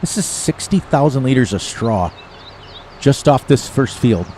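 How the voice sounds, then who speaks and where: An older man in his sixties, from the eastern United States, talks through a farming game in a loose, rambling way. His voice sits at a medium pitch, and he chuckles at his own jokes. Faint outdoor noise hums behind him. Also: very animated, unhurried, a little mellow. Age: 60s. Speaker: gaming streamer. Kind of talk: casual gameplay commentary.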